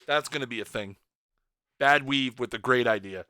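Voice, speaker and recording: A man's voice: medium pitch, normal speed, bright, forceful tone, clear, resonant tone, no room sound, studio quality. A man hosting a game livestream, chatting casually and joking playfully with his viewers. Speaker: stream host.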